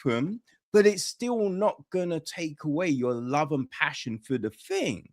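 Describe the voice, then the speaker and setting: A man's voice: fairly high pitch, lively intonation, a little slow. A man hosting a podcast interview, talking in a rambling casual way and often asking "right?" for agreement. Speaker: podcast host.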